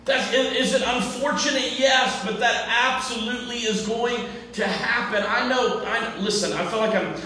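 A male pastor preaching a sermon in a church, speaking deliberately in short phrases, often repeating and restarting words. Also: very high-pitched, steady tone, pushed and bright, a little hiss or hum. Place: church sanctuary. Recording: echoey church from far off.

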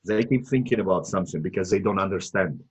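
A man speaking English as a second language in casual chat as a guest, earnest and halting, often restarting his phrases. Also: sits low, breathy edge, lo-fi sound. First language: not English.

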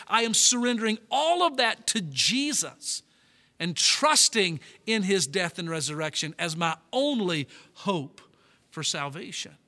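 A male pastor preaching a sermon, emphatic, slowing down and stretching key words. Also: extremely high pitch, pushed and bright. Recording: long reverb of a large hall.

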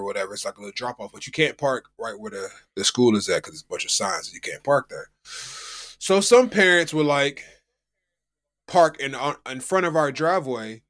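A man's voice: medium pitch, fairly bright tone. Rambling American man, casual chat. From United States. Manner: rambling, loose slangy storytelling. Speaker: podcast co-host. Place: home.

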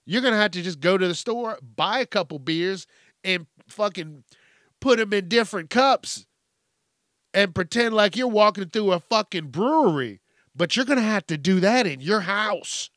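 A man's voice: high voice, no echo. Podcast host, male, profane comic rant, dry close sound. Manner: profane, animated, acts out voices. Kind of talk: casual comedic rant.

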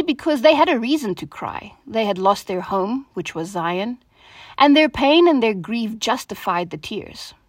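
A woman leads a devotional talk with an earnest, gentle manner. Her phrases often fade softly at the end as she reflects. The sound is dry and close, with no room echo. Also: mid-range voice. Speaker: devotion host.

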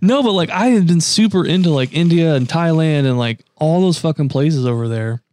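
Rambling young man, slightly high voice. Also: expressive, normal speed, a little mellow, no room sound. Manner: rambling, heavy on fillers like "like", crude swearing. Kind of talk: casual chat.

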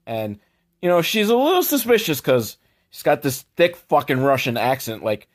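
A man's voice: mid-range voice, big pitch swings, moderate pace. Sarcastic man recapping a movie. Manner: sarcastic, profane, mock-voices characters. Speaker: podcast host recapping a film.

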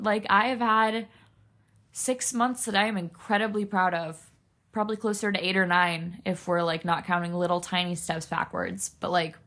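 A woman's voice: on the low side, fairly bright tone. Earnest, tearful young woman. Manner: earnest, emotional, speaking directly to listeners. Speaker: podcast host. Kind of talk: solo podcast monologue.

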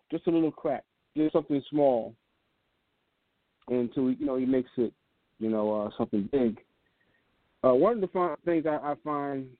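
A man's voice: mid-range voice, no echo. Casting: older male church-radio host, easygoing storyteller, dry phone-line audio. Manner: relaxed, many fillers. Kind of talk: Christian talk radio storytelling.

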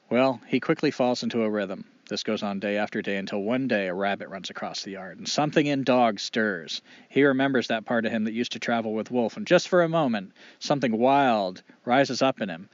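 Man, oral storytelling, animated, expressive, dull lo-fi, dry. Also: mid-range voice, dry recording. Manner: animated, expressive, dramatic pauses.

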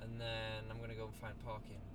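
A man's voice: on the low side, monotone, fast. A man driving his friends, chatting and asking questions as he goes. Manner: chatty, inquisitive. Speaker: driver. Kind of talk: casual chat in a car. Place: moving car. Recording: noisy car, distant mic.

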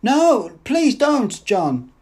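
A man putting on a high young woman's voice. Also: wildly swooping pitch, measured pace, warm tone, husky, exaggerated voice. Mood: frightened.

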